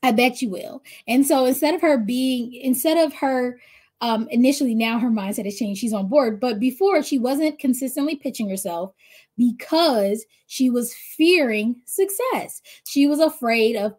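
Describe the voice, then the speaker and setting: A woman's voice: high voice, expressive, normal speed, darkish tone. A woman giving casual motivational business coaching, chatty and talking straight to her listeners. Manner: chatty, addresses listeners directly, frequent "right?".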